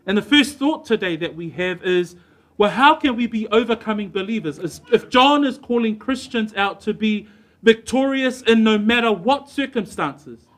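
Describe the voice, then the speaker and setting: High-voiced emphatic male preacher. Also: a bit bright. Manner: emphatic, slows down and stresses key words. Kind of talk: bilingual church sermon. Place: church service.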